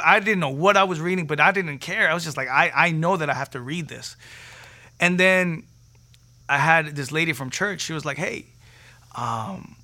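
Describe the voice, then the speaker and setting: A young man telling a personal faith testimony in an animated way, acting out the quotes with sudden jumps in pitch. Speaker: testimony speaker.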